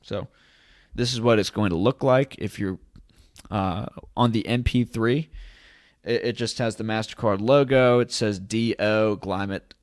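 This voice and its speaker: A man's voice: fairly low pitch, measured pace, dry recording, studio quality. A man hosting a casual commentary video who reads news articles aloud and breaks off with sarcastic rhetorical questions. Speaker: host of a cryptocurrency commentary channel.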